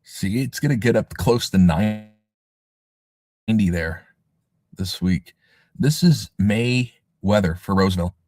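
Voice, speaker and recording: A man talks loosely through his livestream, drifting between sarcastic remarks and self-mocking asides. His voice sits low and the sound is dry and close, with no room around it. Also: lively intonation, measured pace, pauses often, darkish tone, dry recording. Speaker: livestream host. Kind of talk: casual livestream chat.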